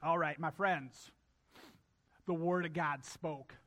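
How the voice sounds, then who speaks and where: A man's voice: on the high side, fairly even intonation, takes it slowly, pushed and bright. A male pastor preaching a sermon emphatically, repeating key lines and addressing his congregation directly.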